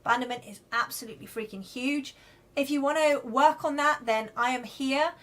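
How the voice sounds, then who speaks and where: A woman's voice: high voice, moderate pace, a bit bright. A woman giving live card readings to viewers in a chatty, reassuring way, checking in often with "okay?" and "right?". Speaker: card reader.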